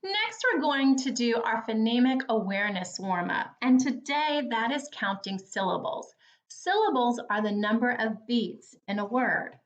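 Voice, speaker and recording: A woman teacher leading a phonics lesson for young children, speaking slowly and clearly with an encouraging tone. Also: fairly high pitch, expressive, dull audio. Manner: slow, clear, encouraging, over-articulated.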